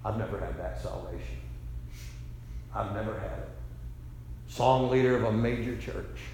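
A middle-aged male pastor preaching a revival sermon, telling a story with fervor, rising to loud declarations and dropping to hushed quotes. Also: fairly low pitch, moderate pace, noisy background. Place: large church sanctuary. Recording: very echoey church hall reverb.

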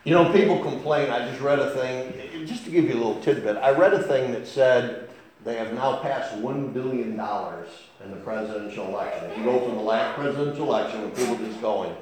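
A man preaching a sermon as pastor, telling folksy stories with an animated delivery. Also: mid-range voice, fairly quick, slight background noise. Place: church sanctuary. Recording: very echoey church hall.

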